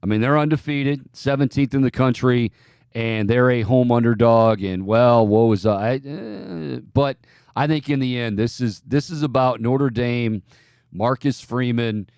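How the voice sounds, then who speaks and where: A man's voice: medium pitch, measured pace, a little mellow, smooth, no echo, studio quality. A man hosting a sports betting show, giving opinionated picks in a loose, joking casual talk.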